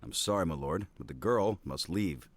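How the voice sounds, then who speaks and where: A man's voice: low voice, animated, normal speed, no echo. An actor playing a deferential male servant in a video game, speaking formally.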